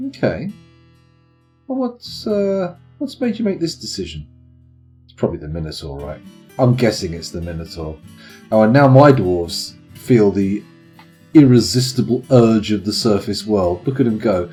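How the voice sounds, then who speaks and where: A man's voice: lowish voice, big pitch swings, normal speed, warm tone, soft background music. A man giving casual live commentary on a strategy game, chatting to viewers and swearing freely. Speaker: streamer.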